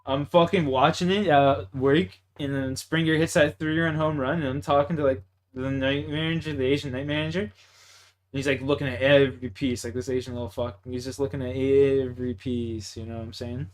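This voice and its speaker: A man's voice: medium pitch, fairly even intonation, fairly quick. A young man from Canada with a Canadian accent, chatting casually in a laid-back, profane, slangy way. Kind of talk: casual chat.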